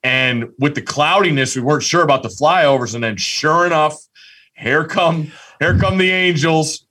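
A man co-hosting a casual sports podcast, telling a story excitedly with lots of restarts. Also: fairly high pitch, normal speed. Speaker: podcast co-host.

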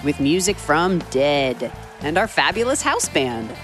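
A woman working as a radio announcer, playful and quick to banter with the host from her office. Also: low-pitched, over music. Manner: playful, lively. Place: work office.

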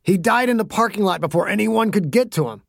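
A man's voice: sits high, animated, fairly quick, creaky, no echo, pitched above the performer's own voice, exaggerated voice. A man doing a cold, blunt doctor. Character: blunt, cold male doctor, grieving father type.

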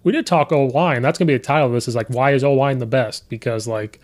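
This high school coach runs a podcast, and his mid-range, darkish voice moves fast as he spins coaching anecdotes in a relaxed way. He often quotes his players as well as himself, and coaching sometimes leaves him hoarse.

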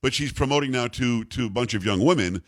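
A man's voice: mid-range voice, quick pace. An older man hosting a talk radio show, ranting in a blunt, combative and jokey way. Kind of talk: opinionated talk radio rant.

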